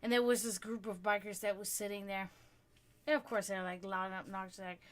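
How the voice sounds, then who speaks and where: A woman livestreamer chatting with her viewers in a loose, unscripted way. She tells stories with lively energy and swears casually. Her voice sits at an ordinary middle pitch. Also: fairly quick, slight background noise. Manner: chatty, swearing freely, animated storytelling. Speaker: livestream host. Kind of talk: casual chat with stream viewers.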